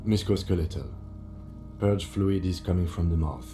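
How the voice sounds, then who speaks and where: An actor playing a calm, methodical police lieutenant in a video game, speaking in a measured, clinical, composed way. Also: male voice, sits low, natural voice.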